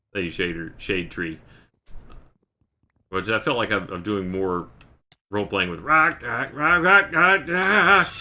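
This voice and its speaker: A man's voice: deep voice, pushed and bright. A man casually chatting on a live game stream, thanking viewers by name as he plays. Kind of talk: casual live-stream chat while gaming.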